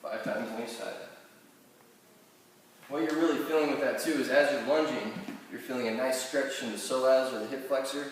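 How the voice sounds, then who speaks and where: A man's voice: medium pitch, distant mic, slight background noise. A man, a chiropractor, talking viewers through back exercises step by step and restarting his phrases now and then. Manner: step-by-step coaching with small restarts. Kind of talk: exercise instruction. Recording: very echoey room, heard from afar.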